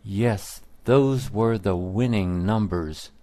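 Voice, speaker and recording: A man reading simple stories aloud for English learners, in deliberate, plain sentences. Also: on the low side, warm tone. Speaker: narrator. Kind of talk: slow scripted story narration for English learners.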